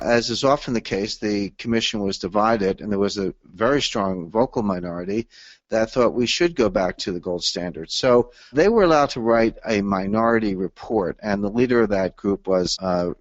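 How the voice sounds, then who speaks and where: A low-pitched man explains at length in a measured webinar style, pausing often on "uh". His voice comes through dull, lo-fi call audio with a dry, close sound. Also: no room sound. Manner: measured, explanatory, with frequent "uh" fillers. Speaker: author guest on webinar. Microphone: call or webinar audio line.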